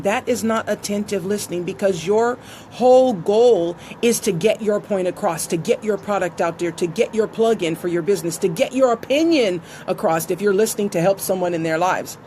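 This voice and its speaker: A woman's voice: medium pitch, moderate pace, mellow, a little hiss or hum, rough recording. A woman giving an earnest motivational talk on business and listening, acting out the conversations she quotes. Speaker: business coach. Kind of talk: motivational teaching monologue.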